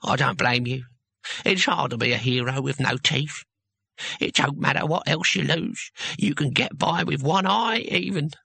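A touchy old barbarian hero with no teeth, gruff and muttering, put on by a male reader. His voice sits a little high and has a husky, gravelly grain. The recording is dry and close. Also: moderate pace, pushed and bright, dry recording, exaggerated voice. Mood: glum.

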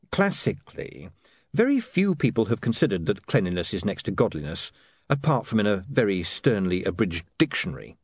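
Man, audiobook narrator, measured delivery, lively intonation, dry close recording. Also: on the low side, slightly rough, no echo. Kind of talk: audiobook reading.

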